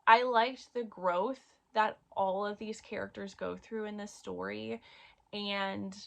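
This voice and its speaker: A woman's voice: medium pitch, steady tone, slow, vocal fry, a bit bright. A woman casually reviewing romance books she read, chatty with many fillers, getting emotional about a favorite series. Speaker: book reviewer. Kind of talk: casual book review chat.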